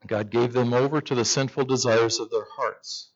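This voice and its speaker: A man's voice: medium pitch, fairly even intonation, moderate pace, highs cut off. A male pastor preaching a sermon, retelling scripture as a story and acting out its voices.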